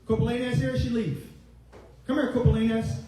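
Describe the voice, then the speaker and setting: A man's voice: extremely high pitch, little pitch movement, quick pace, heavy background noise. A man in his forties, a retiring Marine master gunnery sergeant, gives a humorous ceremony speech and acts out his own past remarks. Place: hotel ballroom. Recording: echoey ballroom from far off.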